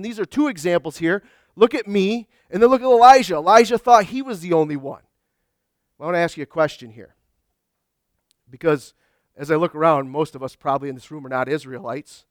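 A man's voice: sits high, dry recording, clean studio sound. A man preaching a sermon as pastor, earnest and emphatic, with frequent restarts. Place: church sanctuary.

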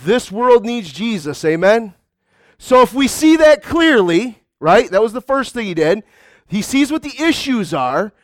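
A man's voice: very high-pitched, big pitch swings, a little slow, no room sound, studio quality. A man preaching a conversational sermon to a congregation, often calling out to the crowd. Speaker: pastor.

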